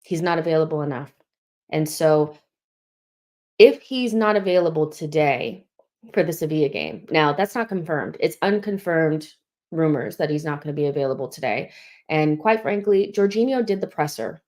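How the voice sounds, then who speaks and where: A young host of a live football fan stream chats casually, a little winded as she reads what viewers have written. Her deep, darkish voice has lively intonation and moves at normal speed.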